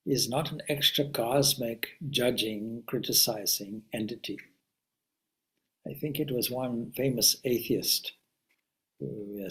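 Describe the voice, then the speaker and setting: A man, a swami, giving a spiritual teaching talk to seekers in a Q&A session. He speaks in a measured, reflective way, builds long lists of phrases and now and then pauses on an "uh". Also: medium pitch, vocal fry. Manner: reflective, with occasional "uh" fillers.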